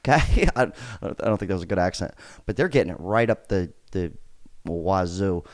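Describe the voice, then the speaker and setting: A man's voice: low-pitched, normal speed, no echo. A man hosting a podcast, reacting to clips with casual joking commentary and frequent laughter. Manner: joking, laughs often, animated. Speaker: podcast host.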